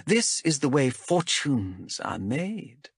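A man's voice: medium pitch, sing-song, takes it slowly, gravelly, breathy edge, no echo, studio quality, voice pushed up, heavily acted. A male narrator voicing a shrewd, mocking female elf captain in a raised, sardonic voice. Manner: sardonic, wheedling, menacing. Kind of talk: audiobook character voice.

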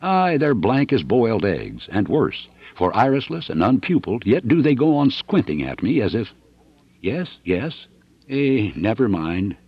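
A man voicing an excitable, blunt male surveyor, loud and exclamatory, in an audiobook. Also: fairly low pitch, a little slow, breathy edge, dry recording, lo-fi sound, voice pushed up, heavily acted. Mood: agitated.

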